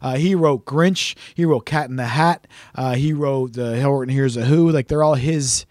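A man co-hosting a podcast in casual chat, rambling and halting with many fillers and restarts. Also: mid-range voice, darkish tone, no room sound, clean studio sound. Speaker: podcast co-host.

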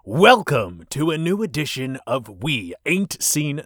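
A man's voice: a little high, big pitch swings, a little slow, few pauses, a bit bright, no room sound, studio quality. A man co-hosting a casual comedy podcast, joking and laughing often as he talks. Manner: jokey, laughs often while talking. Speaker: podcast co-host.

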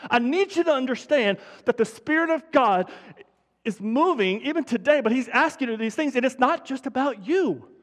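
The preacher's voice is extremely high, expressive, fairly quick and fairly bright as he gives a sermon as pastor in a church sanctuary. His fervor builds to urgent emphasis amid frequent stumbles and restarts, all under a long church hall reverb.

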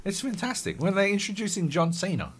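A man co-hosting a podcast, chatting casually, animated and swearing often with bursts of laughter. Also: high voice, fairly quick, slightly rough. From Australia. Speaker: podcast co-host. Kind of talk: casual chat.

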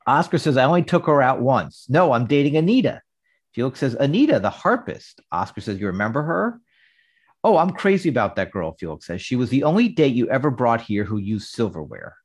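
A man's voice: medium pitch, very animated, breathy edge. A man co-hosting a casual podcast, recapping an episode by reading out its dialogue. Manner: reads out dialogue in a brisk recap. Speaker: podcast co-host.

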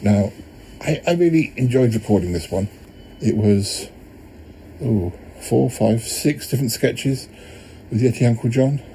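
A man's voice: medium pitch, a little slow, mellow, a little hiss or hum, poor audio. A man hosting a podcast, looking back on past episodes in a rambling, casual way. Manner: rambling, with many ums and restarts. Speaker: podcast host. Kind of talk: casual retrospective narration.

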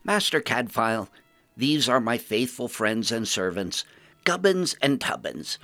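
A man's voice: mid-range voice, sing-song, measured pace, sharp tone, no echo, soft background music, voice pushed up, full character voice. A man voicing a flamboyant vampire duke who speaks in a courtly, theatrical manner.

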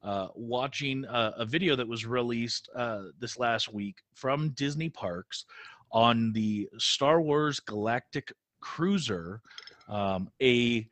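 A man co-hosting a casual live podcast, stuffy and congested from a cold, talking haltingly with many fillers. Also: medium pitch, a bit bright, no echo. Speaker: podcast co-host.

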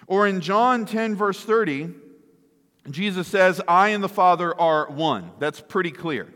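A man's voice: high voice, lively intonation, measured pace, pushed and bright, big-room sound. A man preaching a sermon, emphatic and often asking the listeners rhetorical questions.

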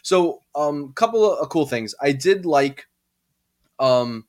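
A man's voice: a little high, lively intonation, takes it slowly. A man co-hosting a podcast in casual chat, rambling and hesitant, full of fillers and restarts. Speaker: podcast co-host.

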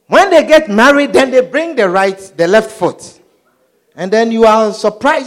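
A male preacher with a high, sing-song voice that swoops up and down as he talks. He preaches with animated energy and keeps checking in with his listeners, asking whether they understand. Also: moderate pace. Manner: animated, repeatedly asks "Do you understand?". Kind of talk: sermon.

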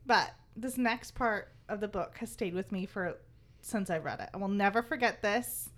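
A woman hosting a casual book-club chat, excitable and quick, breaking into laughter. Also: medium pitch.

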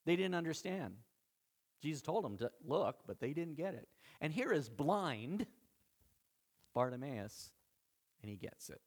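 A male pastor preaching a sermon with animated, dramatic storytelling, acting out the quotes. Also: fairly high pitch, unhurried, pauses often, breathy edge.

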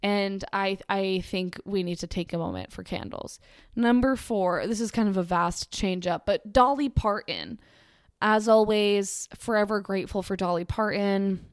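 A woman's voice: mid-range voice, a little slow, clear, resonant tone, no room sound. A young woman chats through a casual monologue, gushing and full of restarts. Her voice sits in a middle range for a woman. The recording is dry and close, with no room sound. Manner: gushing, chatty, many fillers and restarts.

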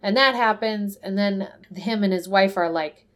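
A woman's voice: medium pitch, normal speed. A woman chatting casually, animatedly retelling a story and acting out the characters' lines, swearing freely. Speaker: podcast host recapping a film. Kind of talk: casual chat.

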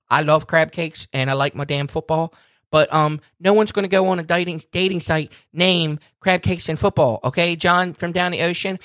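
A man's voice: high voice, a bit bright, no echo, studio quality. A man, a podcast regular, ranting in a fired-up, cursing way during a casual chat. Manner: fired up, ranting, swears freely.

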